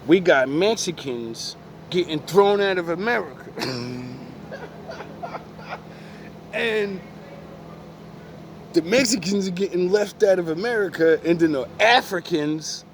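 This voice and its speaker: Animated high-voiced man ranting, laughing. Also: takes it slowly, long pauses, a little hiss or hum. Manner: laughs often between lines, profane slang; animated, mocking. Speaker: vlogger. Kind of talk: casual rant to camera.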